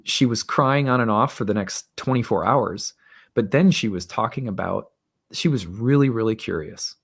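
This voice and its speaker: A man hosting an astrology talk, telling a personal story in a halting, reflective way. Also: fairly low pitch, creaky, husky. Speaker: astrologer host.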